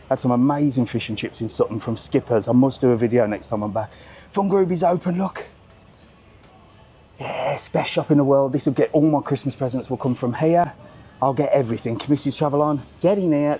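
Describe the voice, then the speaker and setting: Walking through a seaside market town, a middle-aged vlogger chats and rants with free swearing. He speaks fairly quickly in an expressive, medium-pitched, dark-toned voice.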